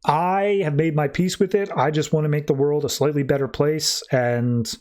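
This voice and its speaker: A man's voice: on the high side, fairly even intonation, moderate pace, a little mellow, lightly acted. A man voicing a weary, resigned male swamp creature who speaks earnestly.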